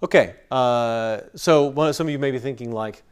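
A Bible teacher from West Texas gives a conversational lecture on scripture to a room with an audience, using everyday stories to explain it. His voice is smooth and medium-pitched, at normal speed.

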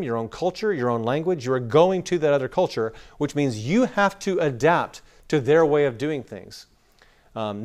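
A man's voice: mid-range voice, smooth. Chatty man from West Texas teaching. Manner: chatty, explains through everyday stories and acted-out quotes. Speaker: Bible teacher. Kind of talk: conversational lecture to a room. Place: room with an audience.

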